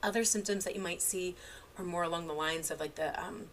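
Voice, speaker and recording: Low, gravelly-voiced woman giving a training. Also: fairly even intonation, fairly quick, slight background noise. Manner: casual, many filler words and restarts; relates examples from her own parenting. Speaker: therapist giving an online training. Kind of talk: unscripted lecture.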